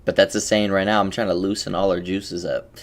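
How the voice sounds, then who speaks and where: Deep-voiced and fairly quick, this young man keeps his pitch mostly flat. During a casual livestream where he streams and coaches a game, he rambles and jokes with viewers, greeting each by name.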